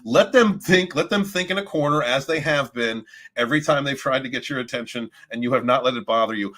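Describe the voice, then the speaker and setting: Man, livestream host, rambling, swears a lot, keeps restarting sentences, mid-pitched voice. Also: fairly quick, a bit bright. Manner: rambling, profane, many restarts. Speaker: livestream host, abuse recovery talker. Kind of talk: casual motivational livestream.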